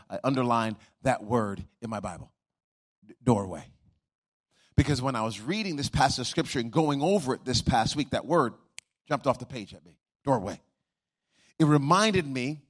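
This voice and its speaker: A male pastor giving a sermon with humorous asides, repeating key words, and rising into a sung, chanting preaching cadence. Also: mid-range voice.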